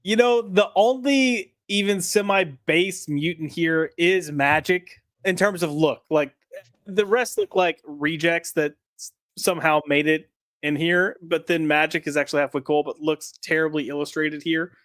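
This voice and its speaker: A man's voice: a little high, fairly even intonation, moderate pace, a bit bright, no echo, clean studio sound. Sarcastic man co-hosting a comics chat. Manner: sarcastic, mocking reading. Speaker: comic review co-host. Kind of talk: casual chat.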